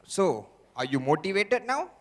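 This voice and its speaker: A man's voice: high-pitched, very animated, moderate pace. A man voicing a lazy, discouraging inner voice. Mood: mocking. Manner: dismissive, discouraging. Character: nagging lazy inner voice of doubt, male.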